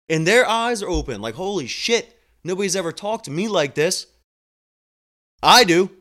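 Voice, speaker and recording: Cast a young adult man as a candid nurse recounting his cases. He is earnest and swears casually. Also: fairly high pitch. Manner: earnest and emotional, swears casually, speeds up when excited. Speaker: home health nurse. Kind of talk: candid storytelling monologue.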